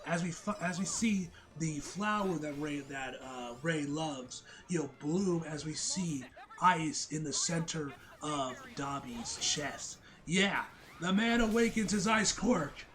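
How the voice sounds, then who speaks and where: Excitable young man saying "man" a lot. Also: a little high, slow, few pauses. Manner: excitable, says "man" constantly, swears. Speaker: anime reviewer. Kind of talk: casual recap and review.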